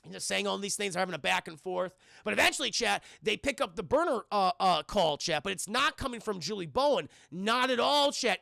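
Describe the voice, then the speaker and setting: Excitable gravelly film reviewer man. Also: high voice, a little fast, hardly any pauses, no echo, clean studio sound. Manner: excitable, keeps addressing chat, swears. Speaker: film reviewer streaming to chat. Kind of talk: casual livestream film recap.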